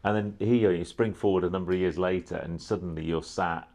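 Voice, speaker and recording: Deep-voiced man asking eager questions. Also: fairly even intonation, fairly quick, darkish tone. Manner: eager, hesitant questioner with restarts. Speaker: interviewer, TV presenter. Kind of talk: live on-stage interview. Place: museum lecture theatre.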